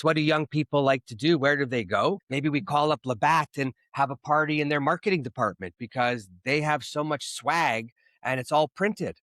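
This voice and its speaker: A man's voice: a little high, fairly bright tone, no room sound. A middle-aged man from Canada hosting a podcast, ranting bluntly and swearing in casual chat. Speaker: podcast host.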